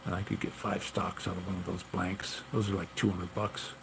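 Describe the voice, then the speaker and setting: A man's voice: deep voice, little pitch movement, normal speed, background noise. A man casually telling long stories about his gunsmith work, rambling and repeating himself with lots of "you know". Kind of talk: casual storytelling.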